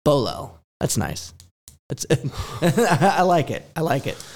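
A man hosting an interview in a casual, halting way, his voice a bit off from illness. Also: fairly high pitch, sing-song, gravelly, darkish tone. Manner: laughs easily, halting questions. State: sick, slightly off voice. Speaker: podcast host.

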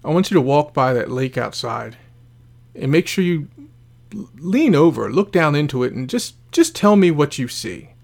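A man doing a calm, kindly castle. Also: fairly high pitch, moderate pace, creaky. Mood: gentle. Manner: gentle, reassuring. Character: kind, steady male castle, calm and encouraging.

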